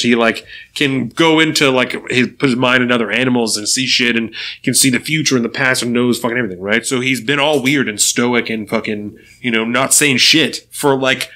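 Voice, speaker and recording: A man co-hosting a podcast, ranting in casual chat, swearing often and laughing as he talks. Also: medium pitch. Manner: profane, animated ranting with laughs. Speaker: podcast co-host.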